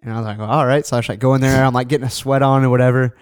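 A man telling a story in a casual chat, animated, acting out other people's lines and swearing along the way. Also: medium pitch, racing, clean tone.

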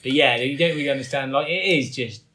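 A man's voice: mid-range voice, fairly even intonation, quick pace, crowd noise. A man co-hosting a beer review, joking, laughing often and swearing in casual chat.

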